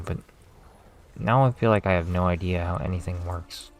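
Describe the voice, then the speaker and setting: A man's voice: low voice, fairly even intonation, brisk. A young Canadian man chatting casually while streaming a game, rambling and swearing, laughing at himself. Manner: rambling, profane, self-mocking.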